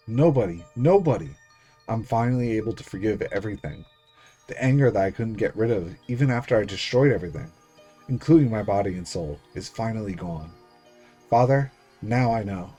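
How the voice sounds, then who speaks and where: A man's voice: lowish voice, warm tone, breathy edge. A man voicing a guilt-ridden teenage girl sliding into paranoid delusion, reading a visual novel aloud, repeating himself obsessively. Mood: dazed. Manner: obsessive repeating, frantic pleading.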